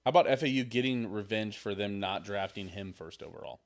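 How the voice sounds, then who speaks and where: A man's voice: on the low side, a little fast, vocal fry. Joking man co-hosting a sports podcast. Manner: loose, joking, swears freely. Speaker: podcast co-host. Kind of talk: casual sports chat.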